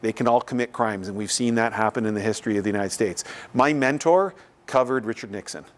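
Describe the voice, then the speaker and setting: A man's voice: fairly low pitch, quick pace. A man from Canada, giving a casual, conversational lecture and taking questions in a lecture room. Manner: conversational, loose, acts out others' voices. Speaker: visiting artist giving a lecture.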